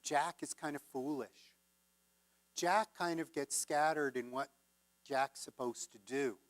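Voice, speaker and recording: A male minister telling a folk tale in a sermon, measured and gently conversational. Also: a little high. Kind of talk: sermon storytelling.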